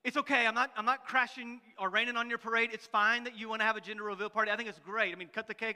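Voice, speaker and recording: A middle-aged male pastor preaching a sermon, animated, acting out voices and swinging from loud bursts to hushed, soft lines. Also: high voice, racing, few pauses, clean tone, big-room sound. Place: church sanctuary.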